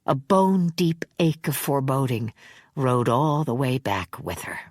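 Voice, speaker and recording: A woman narrating an audiobook in a measured, expressive reading. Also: rumbling low, no room sound, studio quality. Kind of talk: scripted narration.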